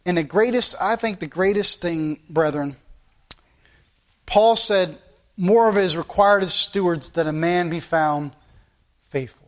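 Pastor, man, high voice, earnest sermon delivery with playful sound effects. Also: measured pace, long pauses. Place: church.

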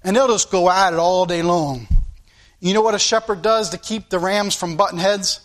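Pastor, man, high voice, earnest sermon delivery with playful sound effects. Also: normal speed. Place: church.

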